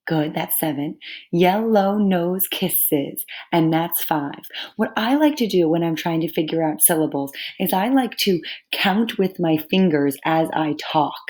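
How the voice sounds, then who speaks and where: A woman teaching young children in a recorded lesson, speaking slowly and patiently. Her voice sits a little low, and she sounds out each word with care. Her delivery is kind and clear. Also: a little mellow. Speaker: third grade teacher.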